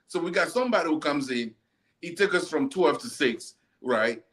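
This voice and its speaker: A man's voice: a little high, expressive, normal speed, fairly bright tone. A man hosting a casual football chat, ranting bluntly and repeating himself as he argues.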